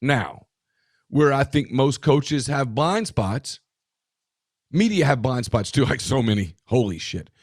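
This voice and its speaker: A man's voice: medium pitch, no echo. Guy cohosting a sports talk show, voice swings way up and down, pretty emphatic, dry close sound. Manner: animated, emphatic, quick asides and restarts. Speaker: podcast co-host.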